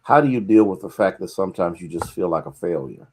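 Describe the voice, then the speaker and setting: An American pastor with a very low voice leads a midweek sermon online. He talks in a folksy, conversational way and greets his viewers one by one as he goes. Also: animated, quick pace, a little mellow, slightly rough.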